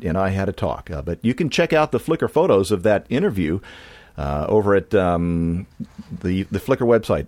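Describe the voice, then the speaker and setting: A man's voice: low-pitched, a little mellow, no echo, studio quality. A man from California hosting a podcast in a casual, rambling monologue with many restarts. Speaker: podcast host.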